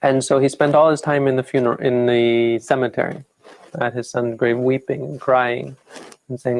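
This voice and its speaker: A man's voice: mid-range voice, little pitch movement, normal speed, vocal fry, no echo, low-quality recording. A man, a Buddhist monk, giving a dhamma talk and retelling a scripture story unhurriedly, lightly acting out the quoted speech. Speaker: Buddhist monk and meditation teacher.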